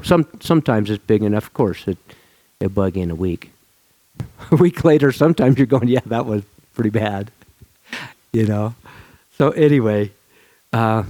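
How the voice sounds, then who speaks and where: A male pastor giving a relaxed, conversational sermon to his congregation. He talks informally with frequent restarts and laughs. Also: mid-range voice, dry recording.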